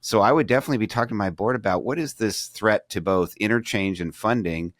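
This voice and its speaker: A man's voice: on the low side, quick pace, no echo, studio quality. A middle-aged man co-hosting a business podcast, talking casually and often restarting his sentences as he thinks aloud. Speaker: podcast co-host, banking advisor.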